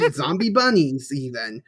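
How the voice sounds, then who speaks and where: A wry man co-hosting a podcast. He speaks slowly, with a voice that rises and falls a lot, and he laughs easily. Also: a little high, big pitch swings. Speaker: podcast co-host. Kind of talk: casual chat reviewing a tokusatsu show.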